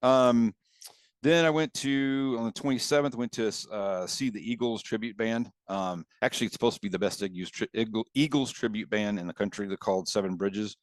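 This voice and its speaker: A man's voice: on the low side, brisk, no echo. Laughing rambling male podcast storyteller. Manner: rambling storyteller, laughs through his stories. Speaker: podcast co-host. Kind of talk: casual chat. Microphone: video call.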